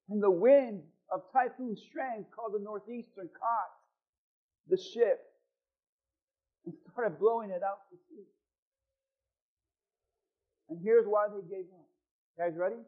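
A man preaching a sermon as pastor, swinging from loud, emphatic lines to hushed ones. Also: high-pitched. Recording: thin phone-like sound.

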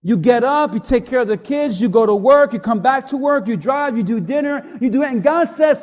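A man preaching a sermon as pastor, emphatic, swinging between loud and hushed delivery, in a church sanctuary. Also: very high voice, animated, brisk, few pauses. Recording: long reverb of a large hall.

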